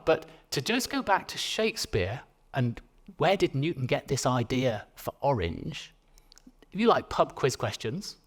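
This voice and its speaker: A man giving a public lecture in a conversational, playful way, often restarting his sentences. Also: a little high.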